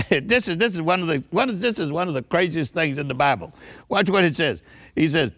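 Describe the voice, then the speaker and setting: A man's voice: on the high side, expressive, fairly quick, a bit bright. An older man preaching a sermon, emphatic and rousing, calling on the audience to answer back. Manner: emphatic call-and-response preaching.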